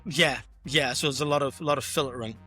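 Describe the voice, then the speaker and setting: Chatty man, bright voice. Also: medium pitch, husky, faint music behind. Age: middle-aged. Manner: chatty, self-mocking, quick asides. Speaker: podcast co-host. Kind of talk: casual chat.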